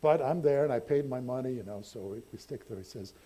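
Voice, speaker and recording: A man's voice: medium pitch, fast, few pauses, mellow. An older man, a pastor, telling a personal story in a conversational, self-deprecating sermon. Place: church sanctuary.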